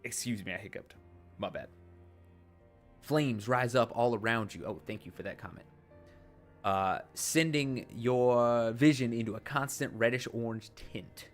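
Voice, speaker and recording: A man's voice: mid-range voice, moderate pace, soft background music. A man reading a text adventure game aloud in a put-on accent, breaking into casual asides to his viewers. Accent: put-on accent while narrating. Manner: dramatic narration broken by casual asides.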